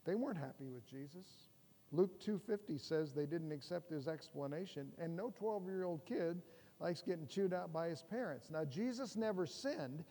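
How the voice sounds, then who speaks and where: Middle-aged male pastor, high-pitched, chatty preaching with jokes and rhetorical questions, long church reverb. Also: animated, normal speed, mellow. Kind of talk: sermon.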